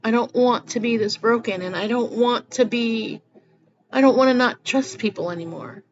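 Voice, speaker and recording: A spiritual vlogger speaks earnestly to her viewers in a rambling personal vlog, often starting her sentences over. Her voice is fairly high and moves at a normal speed. The audio is slightly muffled, with faint noise in the background.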